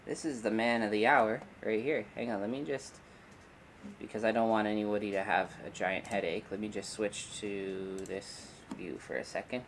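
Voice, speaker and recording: A man's voice: on the low side, moderate pace, slight background noise. A man hosting a casual livestream from his hobby room, rambling and joking while he fixes his camera and talks to his dog. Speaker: livestream host.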